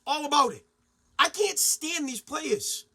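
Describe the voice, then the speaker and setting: Podcast guy with a really high sharp voice, swearing and ranting all over the place. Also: unhurried. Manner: profane, excitable ranting. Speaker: podcast host. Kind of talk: casual podcast rant.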